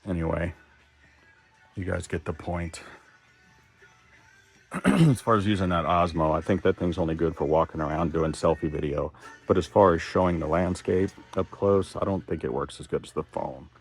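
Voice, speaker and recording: A man's voice: sits low, fairly quick, faint music behind. A middle-aged man from Texas talking candidly and with plenty of swearing in a casual vlog as he walks around. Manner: candid and profane, talks while walking. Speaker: vlogger. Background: a dog barking.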